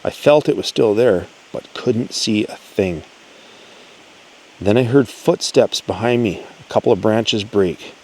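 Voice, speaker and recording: A man hosting his channel, reading a listener's encounter story aloud in an earnest, storytelling way with pauses. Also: lowish voice, darkish tone, rough recording. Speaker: channel host.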